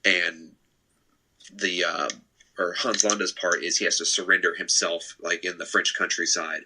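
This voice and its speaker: A young adult man co-hosts a casual movie podcast, retelling a film's plot in a rambling way, full of fillers and restarts. His voice is low-pitched, fairly flat in pitch, and unhurried, with background noise present.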